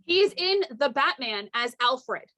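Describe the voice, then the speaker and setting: Chatty young woman, higher voice, dry. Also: expressive, takes it slowly, bright, forceful tone, no echo. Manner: chatty, uses filler words. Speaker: podcast co-host. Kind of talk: casual podcast chat.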